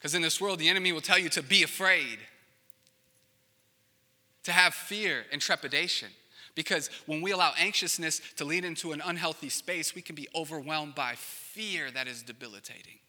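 A man's voice: on the high side, normal speed, sharp tone. A man preaching a sermon as pastor in a casual, conversational way, with joking asides. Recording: long reverb of a large hall.

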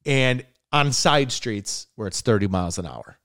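A young adult man from Buffalo, New York, a comedian guest telling a wild story in casual chat, animated and swearing. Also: mid-range voice, unhurried, no room sound, studio quality. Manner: animated, swearing, gets loud and laughs as the story builds.

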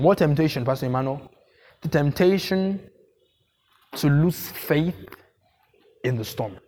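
Emphatic preacher, fairly high voice. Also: male voice, expressive, unhurried, long pauses. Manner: emphatic, repeats phrases, asks the congregation questions. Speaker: pastor. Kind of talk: sermon.

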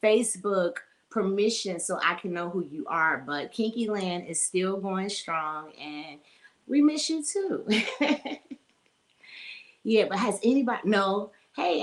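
A woman's voice: mid-range voice, unhurried. A woman in her forties hosting a casual live-streamed podcast, chatting freely, greeting viewers by name and laughing often. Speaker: podcast host.

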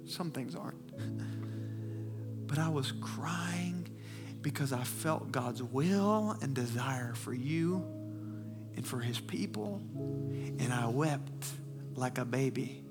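Impassioned male preacher, tearful and hushed. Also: medium pitch, animated, slow, pauses often, music in the background. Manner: impassioned preaching that drops to hushed, near-whispered confessions. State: fighting back tears. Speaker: pastor. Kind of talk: sermon.

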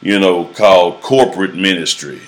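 A man who preaches, telling his own story in a halting, earnest way, repeating words as he searches for them. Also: low-pitched. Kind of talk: personal testimony in a casual interview.

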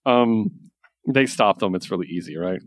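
A man co-hosting a casual podcast, recapping a story with animated storytelling and filler words. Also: on the low side, normal speed, no echo. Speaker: podcast co-host, comic reviewer. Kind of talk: casual chat.

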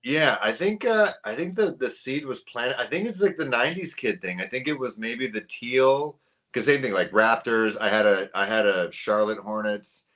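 A man from Canada in his thirties, a guest on a podcast, telling stories in a lively, animated way and acting out the people he quotes. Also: mid-range voice, normal speed. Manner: animated storyteller, acts out quoted voices. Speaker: podcast guest, sports YouTuber. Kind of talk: casual chat.

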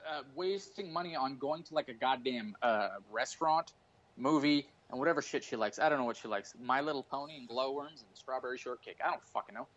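A man's voice: mid-range voice, brisk, a bit bright, muffled recording. A man in his forties, a stand-up comedian, chatting casually on a podcast, rambling and swearing through jokey stories. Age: 40s. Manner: profane, rambling, jokey storytelling.

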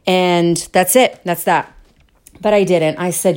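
A woman's voice: fairly low pitch, steady tone, takes it slowly, darkish tone, clean tone. A woman hosting a solo podcast, telling a personal story in an earnest, emotional, confessional way and repeating herself for emphasis. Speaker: podcast host.

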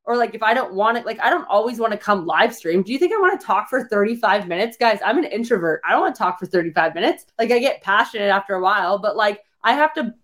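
A woman fitness coach hosting a live-streamed podcast, speaking in a casual motivational style, blunt and energetic, swearing freely and using lots of fillers. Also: quick pace, few pauses. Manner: voices the listener's complaints in a higher pitch.

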